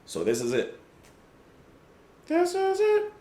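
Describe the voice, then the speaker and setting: Animated man reacting to a song. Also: very high voice, slow pace, roomy sound, a little hiss or hum. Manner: enthusiastic, chuckles often, thinks aloud with fillers. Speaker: music reaction host. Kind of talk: casual music reaction commentary.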